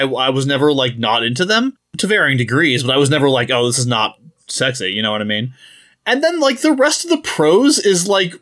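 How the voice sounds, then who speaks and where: A man co-hosting a podcast, casually retelling a book's plot with laughs and swearing. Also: on the high side. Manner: laughing, profane, animated storytelling. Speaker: podcast co-host.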